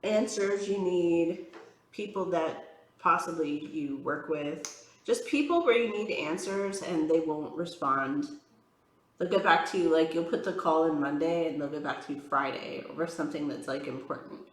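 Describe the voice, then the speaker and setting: A woman's voice: deep voice, moderate pace, roomy sound, low-quality recording. A woman tarot reader chatting casually on a vlog, rambling with lots of fillers, frank and exasperated as she talks. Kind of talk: casual chatty vlog while doing makeup.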